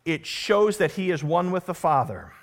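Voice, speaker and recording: Preaching with great animation at a moderate pace, a male pastor poses rhetorical questions to his congregation. His emphatic delivery alternates between loud proclamations and quiet, low emphasis.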